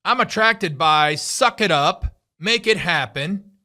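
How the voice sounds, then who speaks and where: A man's voice: high-pitched, animated, slow pace, pushed and bright. A middle-aged man hosting a podcast, giving an emphatic motivational monologue with lots of repetition. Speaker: podcast host.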